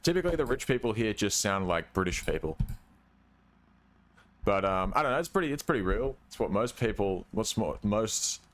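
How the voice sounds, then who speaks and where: A man's voice: lowish voice, sing-song, normal speed, fairly bright tone, slight background noise. A young man from Western Australia with a working-class Australian accent, chatting casually and rambling while streaming a driving game. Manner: rambling, hesitant, trails off with "I don't know". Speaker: gaming streamer. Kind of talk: casual gameplay chat.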